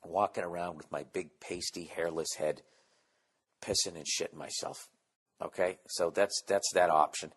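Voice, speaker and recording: A man's voice: low-pitched, fairly even intonation, normal speed, breathy edge. Podcast host, man in his forties; profane, sarcastic, rambling monologue delivery. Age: 40s. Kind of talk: casual comedic monologue.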